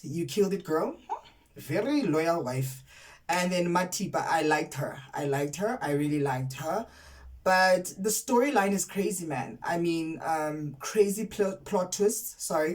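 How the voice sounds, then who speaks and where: A woman's voice: fairly low pitch, animated, a little slow, distant mic, poor audio. A woman from South Africa giving a casual, emphatic spoken review of a TV series, often repeating words for effect. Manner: outraged and candid. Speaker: TV series reviewer, content creator.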